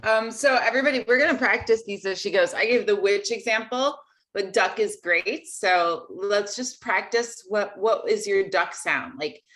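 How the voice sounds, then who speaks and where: A woman's voice: mid-range voice, moderate pace, a bit bright. A woman hosting an online singing lesson, explaining technique and demonstrating sounds with her voice. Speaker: voice teacher hosting a workshop.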